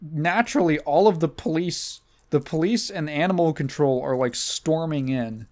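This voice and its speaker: A man's voice: on the high side, normal speed, darkish tone. A man hosting a podcast, rambling and sarcastic as he recaps a movie in casual, swear-filled chat. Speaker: podcast host.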